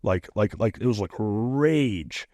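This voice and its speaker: A middle-aged man telling a profane, animated story as a podcast guest, laughing now and then. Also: fairly low pitch, takes it slowly, dry recording, clean studio sound. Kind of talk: casual storytelling.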